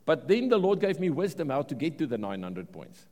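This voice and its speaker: A man with a South African accent preaching a sermon in an animated way, often repeating words and restarting phrases. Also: fairly high pitch, brisk. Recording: long reverb of a large hall.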